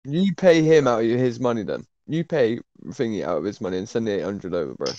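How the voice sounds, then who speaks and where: A man's voice: lowish voice, lively intonation, fairly quick, warm tone, lo-fi sound. A British man in a heated online debate, aggressive, mocking and swearing a lot. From Britain. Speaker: panelist.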